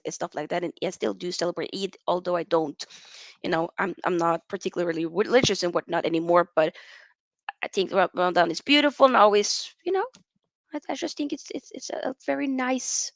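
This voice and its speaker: A woman hosting a casual football livestream, rambling and animated as she reads out chat and answers viewers. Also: fairly low pitch, gravelly, dry recording. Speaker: football channel host.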